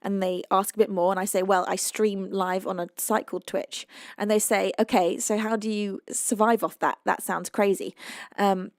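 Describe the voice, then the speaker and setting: A young English woman hosting a music livestream, chatting warmly with viewers, reading out their messages and often laughing. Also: mid-range voice, steady tone, moderate pace, dry recording, clean studio sound. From United Kingdom. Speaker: livestream singer and host. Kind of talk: casual chat with live viewers. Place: home, indoors.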